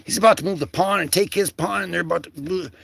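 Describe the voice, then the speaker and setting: A man hosts a loose, rambling livestream, chatting to viewers and paging through comics in slangy talk. His voice sits high and bright, with a gravelly edge. He drifts along, leaning on fillers. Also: fast, a little hiss or hum. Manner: talks to chat viewers by name. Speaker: livestream host. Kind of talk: casual livestream commentary on comics.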